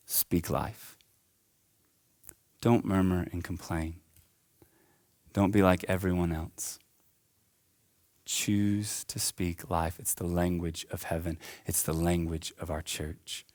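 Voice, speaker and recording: Deep-voiced man preaching with fervor. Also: steady tone, slow, pauses often, darkish tone. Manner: impassioned, rising and falling preaching with casual asides. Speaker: pastor. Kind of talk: sermon. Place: church auditorium.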